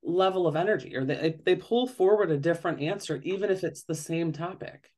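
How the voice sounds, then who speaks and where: In a conversational interview, a woman who writes about parenting explains things earnestly and frequently acts out the questions she quotes. She speaks fairly quickly, in a fairly low, slightly mellow voice.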